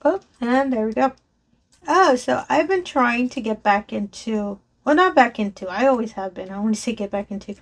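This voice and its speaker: A woman's voice: fairly high pitch, animated, moderate pace. A woman vlogger chatting casually while sorting craft supplies, enthusiastic, laughing often and correcting herself as she goes. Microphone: desk microphone below a raised camera.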